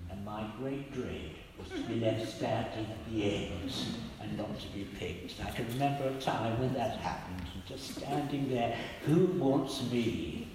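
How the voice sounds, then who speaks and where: An older man preaching a sermon, telling stories gently and quoting the people in them. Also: lowish voice, a little hiss or hum. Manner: gentle storytelling with quoted voices. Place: church. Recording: echoey church hall with long reverb.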